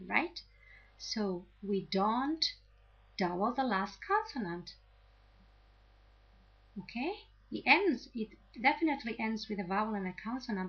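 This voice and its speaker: Patient woman teacher, slow and deliberate, lesson voice, slightly muffled recording. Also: mid-range voice, fairly bright tone, husky. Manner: slow, patient, checks in with "okay?". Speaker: English teacher. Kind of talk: grammar lesson to camera. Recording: slightly dull lo-fi audio.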